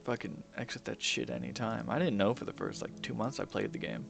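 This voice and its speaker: A man's voice: fairly low pitch, big pitch swings, brisk, vocal fry. A young man chatting casually while he plays a game, mumbling, swearing a lot and sometimes dropping into a whisper. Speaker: gaming streamer. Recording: music playing behind the voice. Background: piano music.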